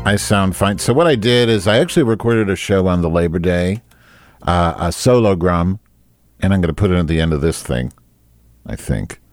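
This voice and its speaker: A man's voice: deep voice, animated, normal speed, soft background music. A man hosting a live online talk show alone at his mic, rambling, teasing and crude. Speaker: host. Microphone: desk microphone.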